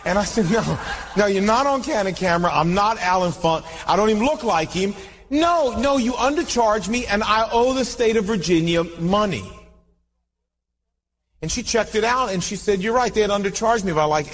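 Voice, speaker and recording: A man's voice: high voice, normal speed, in a large hall. A man preaching a sermon as pastor, telling a story animatedly and acting out the dialogue.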